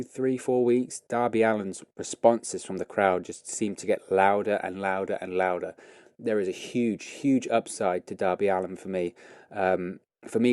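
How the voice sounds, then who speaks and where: A man's voice: fairly low pitch, mellow, no echo, studio quality. A man hosting a show, talking through his views in a casual, rambling way with many fillers and self-corrections. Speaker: wrestling podcast host. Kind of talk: casual opinion commentary.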